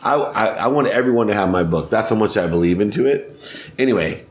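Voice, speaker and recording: A man being interviewed on a podcast, telling energetic stories and laughing often. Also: lowish voice, a little fast. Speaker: podcast guest, sports marketing CEO. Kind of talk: animated storytelling.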